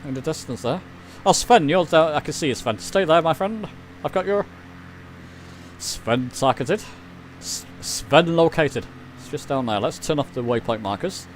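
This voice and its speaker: A man's voice: fairly high pitch, lively intonation, a little fast, a little hiss or hum. A man chatting casually while streaming a flight simulator, rambling and reading chat aloud. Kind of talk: casual live-stream commentary.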